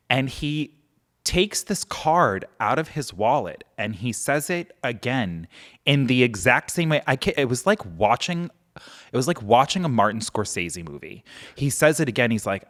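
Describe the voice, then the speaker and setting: A man's voice: medium pitch, moderate pace. A man, a podcast guest telling a story casually and animatedly, acting out quotes. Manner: animated, acts out quotes, many "like" fillers.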